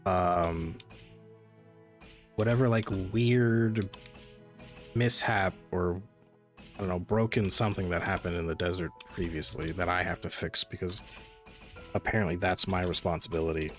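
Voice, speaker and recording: A man's voice: deep voice, fairly even intonation, unhurried, long pauses, soft background music. A man streaming a cozy game, chatting casually and rambling to his viewers. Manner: rambling, chatty, talks to chat. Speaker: gaming streamer. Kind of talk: casual live-stream chat.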